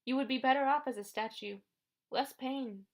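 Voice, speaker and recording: A woman's voice: sits high, normal speed, pitched above the performer's own voice. A woman voicing a monstrous old woman in an audiobook, speaking in a soothing, coaxing purr. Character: Medusa, ancient female monster posing as a sweet old lady. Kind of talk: audiobook character voice.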